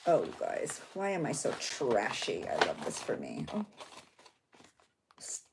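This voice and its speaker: A woman's voice: very deep voice, wildly swooping pitch, moderate pace, gravelly, background noise. Bubbly chatty woman crafting host. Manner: bubbly, talks to viewers while working. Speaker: journaling channel host.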